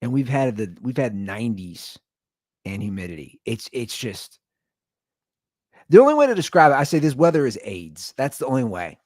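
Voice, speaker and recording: A man talks straight into a dry-sounding mic, his pitch leaping around as he rambles through jokes at his own expense. He often trips over and repeats his words. The delivery is loose, unscripted podcast chat. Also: very animated, moderate pace, darkish tone, dry recording. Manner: rambling, joking, self-deprecating. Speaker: podcast host. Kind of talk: casual solo podcast rant.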